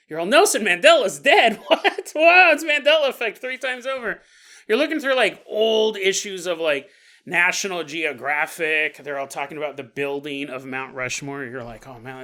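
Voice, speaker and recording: A man's voice: a little high, bright, forceful tone. A man hosting a podcast, telling a story with jokes and frequent laughter. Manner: jokey, laughs often. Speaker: podcast host. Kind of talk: comedic storytelling.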